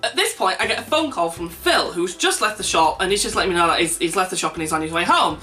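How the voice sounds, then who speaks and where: Bright, lively young man. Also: high voice, fast. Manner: animated, self-mocking, laughs at own jokes. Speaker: vlogger. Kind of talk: casual anecdote storytelling. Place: indoors at home. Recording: distant mic with faint background music.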